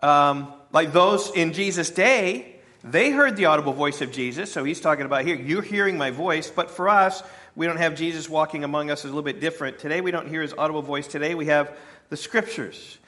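A man's voice: on the high side, brisk, pushed and bright. A man, the pastor, preaching a conversational sermon with friendly asides to his congregation.

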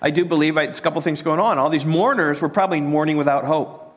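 Soft-spoken, halting male preacher. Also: on the high side, steady tone. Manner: halting, repeats words, sinks to a soft hush on tender points. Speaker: pastor. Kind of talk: sermon.

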